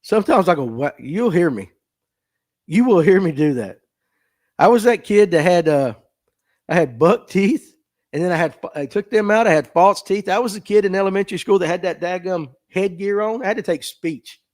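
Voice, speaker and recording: A man's voice: high-pitched, brisk, a little mellow. Joking Southern man with a raised voice. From Southern United States. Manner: folksy, joking, self-deprecating. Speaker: livestream podcast host. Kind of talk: casual livestream chat reading viewer comments. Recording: phone mic.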